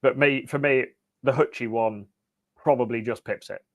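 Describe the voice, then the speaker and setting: A man sits in as a podcast guest and chats in a relaxed, conversational way. His pitch sits in an ordinary middle range. He makes wry, dryly humorous remarks as he talks. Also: normal speed. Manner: easygoing, wry and chatty with a dry humour. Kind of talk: casual interview chat.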